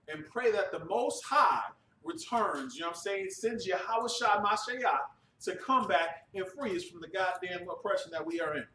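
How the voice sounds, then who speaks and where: A man preaches and makes announcements to a religious class, speaking emphatically and repeatedly asking "you understand" to check that listeners follow. His high-pitched voice is bright and forceful, recorded from a distant mic in an echoey room with slight background noise.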